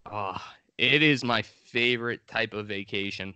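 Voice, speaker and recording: A man's voice: lowish voice, a little slow, bright, forceful tone, smooth, no room sound. A man from Long Island co-hosting a podcast, chatting eagerly and rambling with many restarts. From Long Island, New York. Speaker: podcast co-host. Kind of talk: casual podcast chat.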